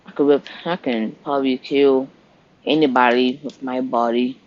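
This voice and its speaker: A man voicing a cruel male killer creature who calmly boasts about killing, in an amateur spoken story. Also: medium pitch, normal speed, lightly acted. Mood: cold boastful. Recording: dull lo-fi recording.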